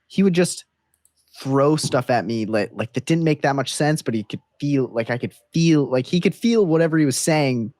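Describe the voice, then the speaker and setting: A man talks casually as a podcast guest, easygoing and quick to laugh. His voice sits in the middle range and sounds dry and close. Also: medium pitch, animated, a little mellow, no room sound. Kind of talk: casual conversation.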